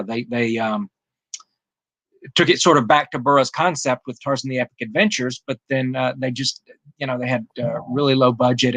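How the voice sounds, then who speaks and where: A man's voice: mid-range voice, fairly bright tone, no echo. A man speaking as the guest author in an interview, in an earnest and thoughtful way. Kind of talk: interview conversation.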